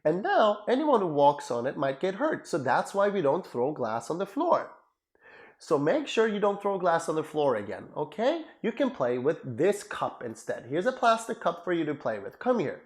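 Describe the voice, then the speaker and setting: A man voicing a gentle, patient father who soothes his toddler in a soft, reassuring tone. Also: very high-pitched, big pitch swings, fast, few pauses, voice pushed up. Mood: soothing. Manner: soft, reassuring, sing-song.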